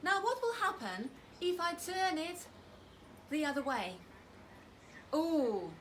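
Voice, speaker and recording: A woman with a high voice presents a children's object lesson in a chatty, playful way. She acts out exaggerated worry and trips over small restarts, with faint noise in the background. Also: big pitch swings, slow, pauses often.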